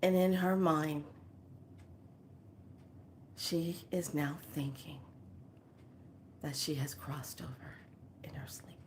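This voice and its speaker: A woman's voice: low voice, slow, pauses often, noisy background. A woman hosting a casual spiritual talk, telling a family story animatedly and laughing often. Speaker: spiritual teacher and host.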